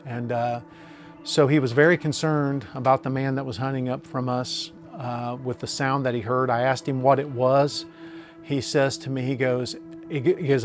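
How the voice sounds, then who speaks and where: Man, middle-aged, from the United States, plainspoken, halting, interview storytelling. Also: mid-range voice, steady tone, vocal fry, soft background music. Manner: plainspoken, halting with many fillers. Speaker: witness.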